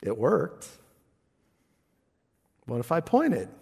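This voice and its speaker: A man preaching a sermon as pastor, moving from quiet, reflective talk to loud, shouted passages. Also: fairly high pitch, wildly swooping pitch, drawn-out words, vocal fry, husky. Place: church. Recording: long reverb in a church hall.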